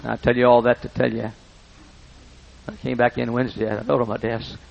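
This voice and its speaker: Gravelly old-school preacher telling funny folksy stories, muffled lo-fi tape. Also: male voice, mid-range voice, level tone, brisk. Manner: folksy, humorous anecdotes with self-interruptions. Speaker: pastor. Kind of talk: storytelling sermon. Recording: dull lo-fi recording.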